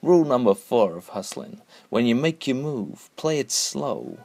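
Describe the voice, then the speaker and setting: A man narrating a comic hard-boiled story in a deadpan, noir style. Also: mid-range voice, unhurried, vocal fry, few pauses. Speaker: comedian narrator.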